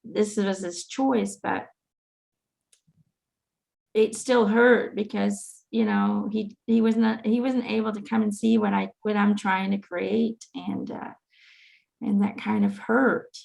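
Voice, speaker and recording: A woman's voice: medium pitch, steady tone, slow, gravelly, darkish tone. A middle-aged woman hosting a casual, heartfelt chat, telling her story in an earnest, reflective way. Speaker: host.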